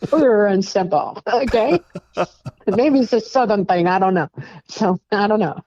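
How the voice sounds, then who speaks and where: A woman's voice: medium pitch, unhurried, dark tone, highs cut off, a little hiss or hum. A woman guest on a talk show, chatting casually and emphatically about her experiences, laughing often. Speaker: guest contactee. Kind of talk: casual chat.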